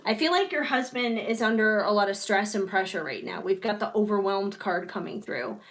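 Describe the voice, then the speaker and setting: A woman giving a chatty live-streamed tarot reading, her voice hoarse from hours of talking. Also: mid-range voice, expressive, moderate pace, a bit bright. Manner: chatty, reassuring, apologetic asides. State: hoarse, clearing her throat. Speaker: tarot reader.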